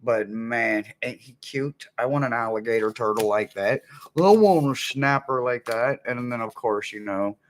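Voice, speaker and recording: A man's voice: medium pitch, moderate pace, a little hiss or hum. A man tarot reader on a live stream, laughing almost nonstop and exclaiming giddily while unboxing a deck.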